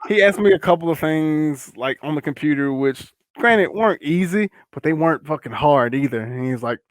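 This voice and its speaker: A young man co-hosting a podcast, telling a profane work story in a casual, animated way and acting out both sides of the conversation. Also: a little high, a little fast, dry recording. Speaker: podcast co-host.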